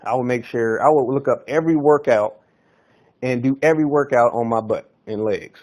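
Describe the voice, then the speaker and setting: A man with a mid-range, slightly mellow voice hosts a fitness podcast at a normal speed. His casual monologue has a loose, slangy, hyped-up coaching style.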